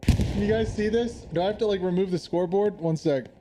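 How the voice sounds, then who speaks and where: A man giving casual live commentary on an online war game match, chatty and quick to laugh. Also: high-pitched, dark tone, a little hiss or hum. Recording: game gunfire and explosions behind.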